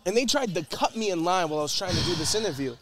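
A man's voice: sits high, expressive, rapid-fire, crowd noise. A man hosting a casual sports show, joking around with many fillers, seated at a table mic in a media room. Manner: playful, jokey, lots of fillers. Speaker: podcast host. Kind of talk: casual chat. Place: media room at a draft event.

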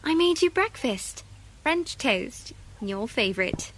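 Casting: woman voicing a high, eager little girl for a storybook read-aloud. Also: sing-song, slow pace, slight background noise. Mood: excited. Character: young girl, eager and excited.

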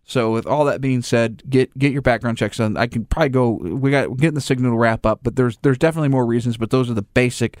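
A man's voice: mid-range voice, quick pace, hardly any pauses, darkish tone, no echo. A man who runs a gun store, talking casually in rambling restarts and acting out little scenes with other people's voices. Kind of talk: casual conversation.

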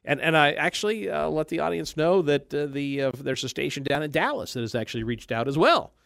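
Male talk radio host, fairly high and animated, halting restarts, dry studio. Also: gravelly, no room sound. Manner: halting, many restarts and fillers, laughs often.

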